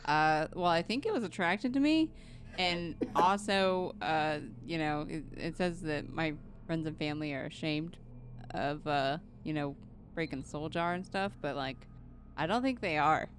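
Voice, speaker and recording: Chatty female player, low-pitched, laughs easily. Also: a little slow, a little hiss or hum. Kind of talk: casual tabletop game chat.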